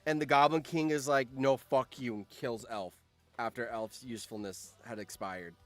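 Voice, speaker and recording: A man's voice: mid-range voice, fairly even intonation, normal speed, faint music behind. A man streaming and commenting on a game, reading out results, laughing often and swearing.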